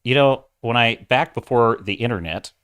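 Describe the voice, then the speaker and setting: A man's voice: medium pitch, moderate pace, a bit bright, smooth. A middle-aged man hosting a livestream, giving opinionated, ranting commentary and reading viewer chat aloud. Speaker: livestream host.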